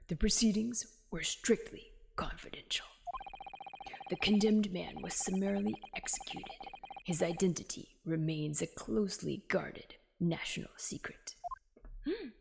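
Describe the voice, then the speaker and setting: Woman putting on a low gravelly voice, haughty male prosecutor, scornful, formal, music behind. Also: noisy background. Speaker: game character voiced by streamer.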